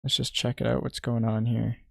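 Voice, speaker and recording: A man's voice: mid-range voice, flat delivery, brisk, vocal fry, a bit bright, no echo, studio quality. A young man from Canada streaming his day trading, thinking aloud and muttering in frustration, swearing now and then. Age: young adult. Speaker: day trader streaming live. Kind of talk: casual live-stream commentary.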